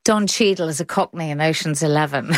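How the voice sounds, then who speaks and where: A woman presenting a radio arts programme, moving briskly between playful questions and scripted introductions. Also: deep voice, dry recording, studio quality. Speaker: radio host.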